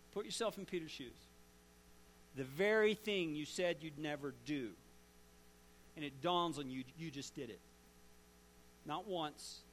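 A man preaching a sermon as a dramatic story, swinging from loud to hushed and asking the listeners direct questions. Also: fairly high pitch, a little hiss or hum. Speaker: pastor.

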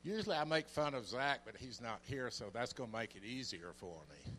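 A man's voice: mid-range voice, expressive, a bit bright, slight background noise. Older Southern man with dry humor. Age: 70s. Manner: dry, self-mocking humor with earnest pauses. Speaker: church member introducing the guest speaker. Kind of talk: jokey introduction to a congregation. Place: church sanctuary.

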